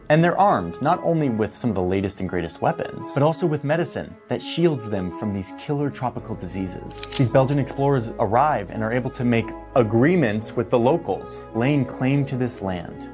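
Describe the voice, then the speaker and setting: A man narrating a history explainer in a casual, slangy way, often saying "like". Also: on the low side. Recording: guitar music playing behind.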